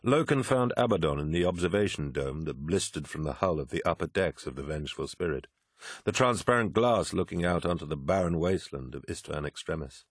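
Deep, husky male narrator. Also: expressive, a little fast, no room sound, studio quality. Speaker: audiobook narrator. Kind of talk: dramatic audiobook narration.

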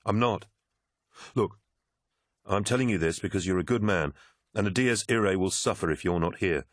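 A man's voice: low-pitched, normal speed, no echo, clean studio sound. A man voicing a worried, pragmatic male officer who pleads urgently in a raised voice in an audiobook. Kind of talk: audiobook character voice.

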